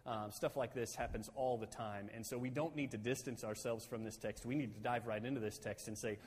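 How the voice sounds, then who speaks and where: A man's voice: mid-range voice, a little fast, hardly any pauses, slightly rough. A man preaching a conversational sermon as pastor, with fillers and frequent checks with his listeners. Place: church sanctuary. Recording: long reverb of a church hall.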